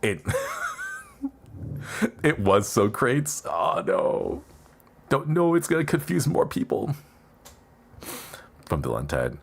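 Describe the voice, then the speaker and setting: Slow and creaky, his medium-pitched voice swings hugely in pitch, with long pauses in between. It's casual live-stream chatter from a man whose first language isn't English, full of playful rambling and laughs.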